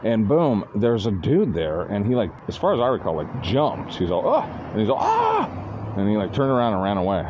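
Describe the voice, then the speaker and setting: A man's voice: lowish voice, sing-song, brisk, few pauses, dull audio, background noise. A man casually rambling and swearing while walking outdoors, vlogging on a phone. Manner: rambling, profane, talks to himself while walking. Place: outdoors on streets.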